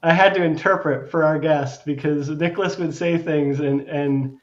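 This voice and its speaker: A man's voice: fairly high pitch, steady tone, normal speed, lo-fi sound. A man hosting a casual chat who jokes around in an easygoing way. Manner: joking, easygoing. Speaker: host.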